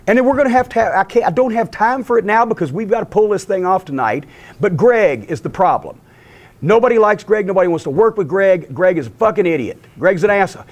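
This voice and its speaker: An older man with a high, reedy voice tells a backstage war story with exasperated energy. He swears constantly and snaps into quoted dialogue, and his delivery stays lively and profane throughout. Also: fast. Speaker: wrestling promoter telling stories.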